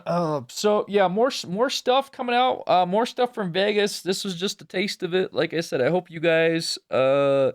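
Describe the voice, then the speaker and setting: A young adult man chatting casually on a livestream, rambling with lots of fillers. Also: fairly high pitch. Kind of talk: casual stream chat.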